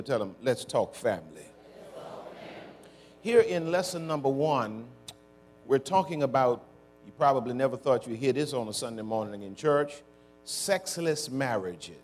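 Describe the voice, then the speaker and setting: A male pastor delivers a sermon in a relaxed conversational way, prompting the congregation to answer back. His talk is folksy and down-home, full of y'all and ain't. Faint music sits beneath his voice in the church. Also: medium pitch. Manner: call-and-response with congregation.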